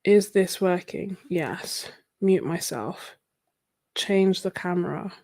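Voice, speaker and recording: A woman's voice: lowish voice, takes it slowly, dark tone. A woman chatting casually on a livestream while she paints, rambling with many fillers and restarts and laughing often. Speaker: art livestreamer. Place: home desk. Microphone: phone.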